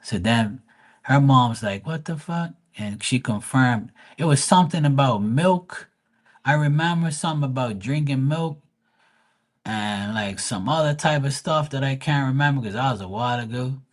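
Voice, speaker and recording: A man's voice: mid-range voice, expressive, moderate pace. Profane, rambling man telling a story. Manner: loose, profane, rambling with many restarts. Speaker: psychic tarot reader on a livestream. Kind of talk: casual storytelling.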